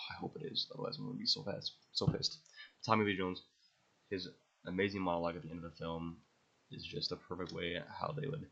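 A man's voice: sits low, a bit bright, highs cut off. Rambling young man gushing about movies. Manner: rambling, enthusiastic, swears freely. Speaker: podcast host. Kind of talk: casual movie ranking monologue.

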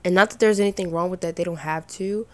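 A young woman hosting her own podcast, chatting loosely with lots of "like" and side thoughts, in a slightly raspy voice. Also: lowish voice, fairly even intonation, quick pace, a bit bright. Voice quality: slight rasp. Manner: rambling, chatty, with filler 'like' and self-doubting asides. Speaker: podcast host. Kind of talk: casual solo podcast chat.

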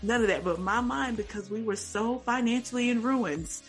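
A woman co-hosting a podcast, telling a funny story in an animated, laughing, chatty way. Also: on the high side, moderate pace, soft background music. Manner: animated, laughing, exclaiming, talks to listeners as "y'all". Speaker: podcast co-host. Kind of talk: casual chat, storytelling.

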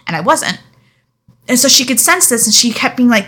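A woman's voice: on the high side, big pitch swings, moderate pace, sharp tone, husky. A young adult woman telling a personal story in a candid, emotional vlog, speaking frankly and sometimes swearing. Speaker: vlogger.

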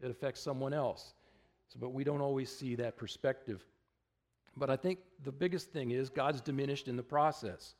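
A man's voice: mid-range voice, normal speed. Chatty, easygoing male pastor. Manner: relaxed and chatty, with wry asides and many fillers. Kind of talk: conversational sermon. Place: church.

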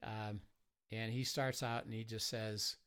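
A man who leads a marriage ministry, telling a story in an interview, softly and with many pauses and fillers. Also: fairly low pitch, flat delivery, clear, resonant tone. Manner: soft-spoken, many fillers, acts out quotes.

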